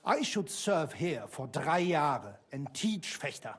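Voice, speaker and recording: An actor playing a proud, pompous middle-aged German fencing master with a German accent, in a game. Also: male voice, fairly high pitch, very animated, slow pace, slightly rough, heavily acted. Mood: explaining. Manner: pompous, indignant about his honor.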